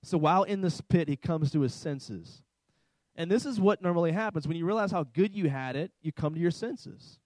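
High-voiced man preaching a sermon. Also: animated, moderate pace, darkish tone, no echo, low-quality recording. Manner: emphatic preaching, repeats key lines. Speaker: pastor. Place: church service with slides.

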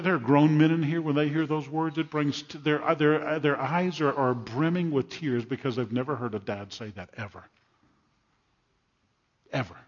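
Husky older man preaching a sermon. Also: on the high side. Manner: emphatic preaching with storytelling asides. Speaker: pastor. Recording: dull lo-fi sermon recording.

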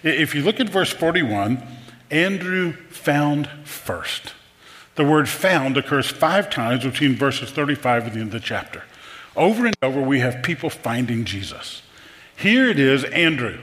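A man's voice: mid-range voice, sing-song, normal speed, a bit bright. A man preaching a conversational sermon, repeating words and asking the audience questions. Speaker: pastor. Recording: long hall reverb.

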